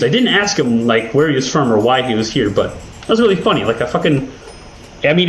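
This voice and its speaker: A man's voice: medium pitch, roomy sound, slight background noise, poor audio. A man hosting his own channel, chatting casually and rambling with lots of swearing and self-deprecating jokes. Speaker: video host. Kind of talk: casual rambling chat over gameplay.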